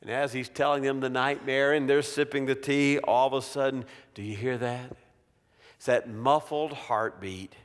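A man preaching a sermon to a congregation, slow and dramatic, swinging from raised, forceful lines to hushed, quiet drops. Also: medium pitch, steady tone. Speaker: pastor. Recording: long reverb of a church hall.

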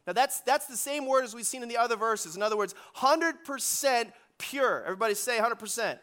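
A man pastor preaching a sermon in a church, animated and calling for responses from the congregation. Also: high-pitched, fast, hardly any pauses. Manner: animated preaching with audience call-and-response and rising emphasis. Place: church sanctuary.

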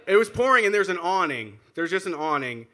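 Bright-voiced man telling a swearing anecdote. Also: sits high, sing-song, fairly quick. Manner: swearing anecdotal storyteller, acts out quotes. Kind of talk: casual chat.

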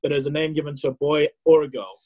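A man from South Africa in his thirties, telling a personal story as a podcast guest, animated and full of fillers. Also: a little high, fast, poor audio. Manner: animated, acts out his own past dialogue, many fillers and restarts. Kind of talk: casual storytelling.

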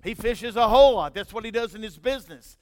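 A middle-aged man, preaching a sermon in a folksy storytelling way, his loudness rising and falling. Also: high voice, fast. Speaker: pastor. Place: church sanctuary. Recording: long hall reverb.

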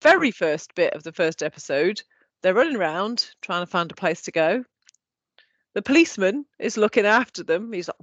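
A woman co-hosting a podcast, chatting in an animated, sweary way and laughing often. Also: fairly low pitch, normal speed, dry recording, lo-fi sound. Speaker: podcast co-host. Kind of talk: casual chat.

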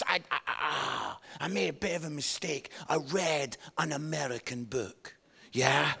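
A man, preaching a sermon with animated storytelling and self-deprecating humor. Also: high-pitched, creaky. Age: 50s.

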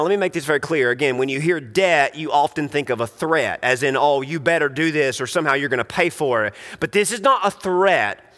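Male pastor, slightly high, bright and forceful voice, earnest sermon delivery with restarts, long hall reverb. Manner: earnest, emphatic, with frequent restarts.

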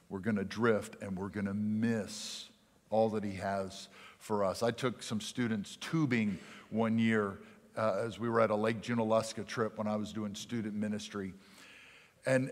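Earnest preaching man in a reverberant hall. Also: on the low side. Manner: earnest preaching, dynamic volume, drops to quiet for emphasis. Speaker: pastor. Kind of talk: sermon. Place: church sanctuary.

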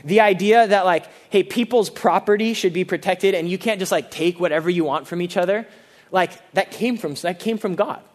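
Speaking at a normal pace, this man delivers a sermon as pastor with earnest, conversational warmth. He frequently restarts lines and, for emphasis, abruptly lowers his voice to a quiet hush.

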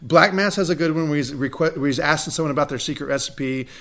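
A man's voice: on the high side, fast, vocal fry. Man animatedly retelling movie scenes. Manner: animated storyteller, acts out movie quotes. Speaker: podcast co-host. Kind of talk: casual chat.

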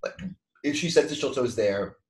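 A man co-hosting a laid-back podcast over a video call. He talks in an animated way and keeps breaking into little voices to quote what he heard. His voice sits at a middle pitch. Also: moderate pace, rough recording. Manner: animated, acts out quoted lines. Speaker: podcast co-host. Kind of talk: casual chat.

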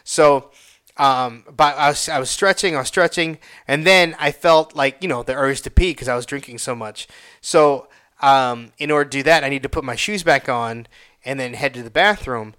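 A man's voice: medium pitch, normal speed, pushed and bright, smooth. A young man casually telling a rambling, profane personal story, full of restarts. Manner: profane, rambling, reenacts his own pained outbursts.

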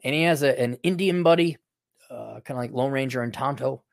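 A man's voice: mid-range voice, a little fast, vocal fry, no echo, studio quality. A man hosting a talk show, in a rambling, casual commentary that is profane and full of restarts. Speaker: show host.

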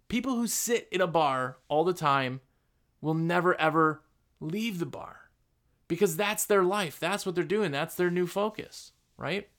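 Blunt, animated male podcast host. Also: fairly high pitch, a little slow. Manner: blunt, animated, rhetorical questions. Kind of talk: motivational business talk.

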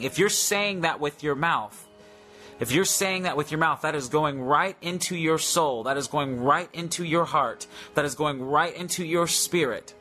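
A man's voice: a little high, moderate pace, bright, forceful tone, faint music behind. A man preaching in a live-stream devotional, repeating declarations for listeners to say after him.

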